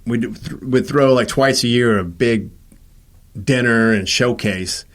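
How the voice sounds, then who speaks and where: At a measured pace and medium pitch, a man who hosts recounts his own experience in casual conversation. He acts out what everyone said, with lots of restarts.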